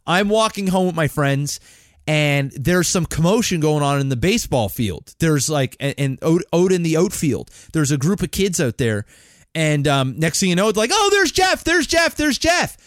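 Homem contando história, falante e desbocado. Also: male voice, fairly high pitch, normal speed, dry recording, clean studio sound. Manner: rambling, profane, animated when excited. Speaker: podcast co-host. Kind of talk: casual storytelling chat.

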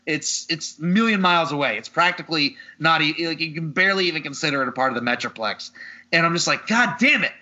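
A man's voice: fairly high pitch, fast, bright, forceful tone, dull audio. A man hosting a podcast who tells a story in casual chat, sounding exasperated and swearing freely as he retells it. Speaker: podcast host.

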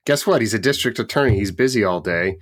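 A man's voice: fairly low pitch, lively intonation, quick pace, no room sound, studio quality. A man hosting a podcast in casual chat, telling joking anecdotes and laughing often. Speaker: podcast host.

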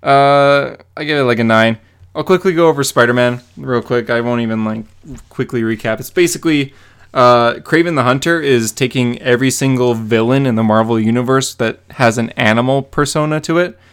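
A man's voice: medium pitch, brisk, clean tone. A man talks through a comic book plot in loose, casual chat. He fills his speech with "uh" and "like" and keeps going as he recaps. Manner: rambling, many fillers, laughs while retelling. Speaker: podcast co-host.

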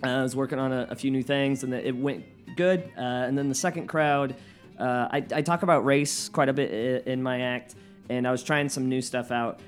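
A man's voice: mid-range voice, steady tone, normal speed, soft background music. Profane ranting man, podcast host. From United States. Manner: profane, rambling, flares into yelling. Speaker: podcast host and stand-up comedian. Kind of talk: solo podcast rant. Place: at home, living room.

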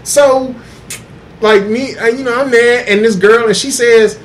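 A chatty young woman who meanders through her story, tossing in endless fillers and restarts, as a man mimics her. The voice sits high. Faint background noise stays underneath. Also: fairly even intonation, measured pace. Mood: rambling. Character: rambling young woman telling a shopping story.

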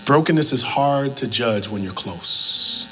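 A man's voice: mid-range voice, a little slow, in a large hall, poor audio. A man preaching a sermon as pastor, telling stories and acting out both sides of conversations. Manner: animated storytelling, acts out both sides of conversations.

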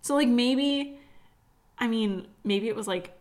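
A woman's voice: on the high side, takes it slowly, a little mellow. Giggly chatty woman podcast host. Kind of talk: casual chat and reading aloud.

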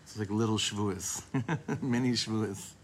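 A man's voice: fairly low pitch, steady tone, a little hiss or hum. A man teaching a loose, meandering religious class. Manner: discursive, often restarts and corrects himself; leans on a phrase by repeating it slowly. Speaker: Torah teacher. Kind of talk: informal Torah class.

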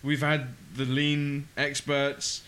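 A man's voice: a little high, monotone, slow, a bit bright. A man co-hosting a podcast, talking in a jokey, rambling way. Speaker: podcast co-host. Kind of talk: casual chat.

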